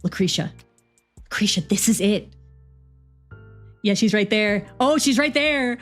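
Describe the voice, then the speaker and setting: Woman doing a bossy middle-aged female coach, brisk, commanding, mid-pitched. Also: animated, faint music behind, close to an everyday voice.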